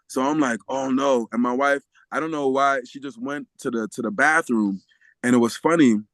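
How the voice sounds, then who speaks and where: A man telling a story as a podcast guest, animated and often laughing, acting out the voices of the people in it. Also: mid-range voice, moderate pace, no echo. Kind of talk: storytelling in a casual interview.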